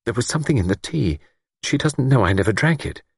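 A man voicing a sharp-witted young woman, her tense inner thoughts and a put-on drowsy voice, in a storybook reading. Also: mid-range voice, animated, a little fast, gravelly, breathy edge, dry recording, studio quality, pitched above the performer's own voice. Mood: tense thinking.

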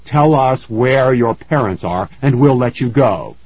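A man doing Morgo, a cold, deep-voiced ghost leader. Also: animated, a little mellow. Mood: coldly menacing. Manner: deep, slow, coldly smooth. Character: sinister male ghost leader, cold and calm. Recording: slightly muffled recording.

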